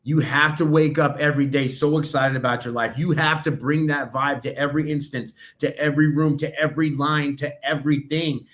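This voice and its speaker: A man co-hosting a podcast, telling stories with high energy and acting out what other people said. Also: steady tone, fairly quick, hardly any pauses, fairly bright tone. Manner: high-energy storytelling, acts out others' lines. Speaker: podcast co-host. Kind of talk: casual podcast chat.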